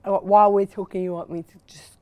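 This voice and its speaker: A woman's voice: medium pitch, flat delivery, quick pace, darkish tone. A woman as a guest in a comedy sketch, polite and hesitant, checking what she is asked to do. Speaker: comedian guest playing a student actor.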